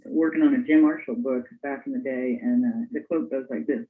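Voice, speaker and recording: A woman's voice: very deep voice, brisk. A woman hosting a casual interview, enthusiastic and asking about the old days. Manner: enthusiastic, reads a quote aloud then asks. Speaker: host. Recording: tinny phone-like line.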